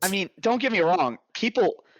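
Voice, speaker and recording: A man's voice: sits high, big pitch swings, moderate pace, fairly bright tone, low-quality recording. A man hosting a casual podcast chat, talking in a rambling, profane way with many restarts. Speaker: podcast host.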